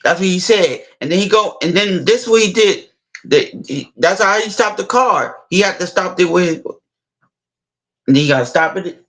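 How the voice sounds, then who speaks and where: A man's voice: high-pitched, animated, a bit bright, rough recording. A man retelling a movie scene in a casual, rambling way, stopping and restarting his sentences often. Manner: rambling, halting, many restarts and repeats. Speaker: storyteller.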